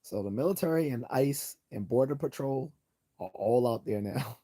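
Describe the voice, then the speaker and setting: A man hosting a late-night livestream, talking bluntly and sarcastically while hoarse from losing his voice. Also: mid-range voice, animated, moderate pace, mellow. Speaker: livestream host.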